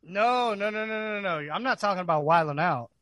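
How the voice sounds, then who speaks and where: A man's voice: sits high, expressive, fairly quick, a bit bright, dry recording. A man co-hosting a podcast, chatting casually and enthusiastically, swearing and laughing often. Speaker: podcast co-host.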